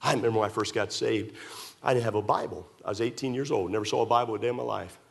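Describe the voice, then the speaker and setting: A man preaching a sermon, emphatic and repetitive, rising to loud pleas and dropping to quiet asides. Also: on the low side, quick pace, gravelly. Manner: emphatic, repetitive, swings between loud pleading and hushed asides. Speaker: pastor.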